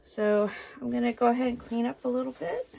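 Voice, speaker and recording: A woman's voice: fairly high pitch, brisk, gravelly, warm tone. A woman casually talking viewers through a home cooking demo in her kitchen, chatty and a little out of breath. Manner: chatty, self-narrating, talks to viewers as guys. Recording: noisy home kitchen recording.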